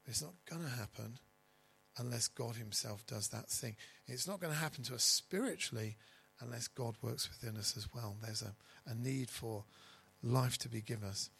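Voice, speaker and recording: A man preaching a sermon as pastor, stressing key words loudly and dropping to quiet asides. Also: medium pitch, creaky, breathy edge, low-quality recording. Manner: emphatic, swinging between loud stresses and quiet asides.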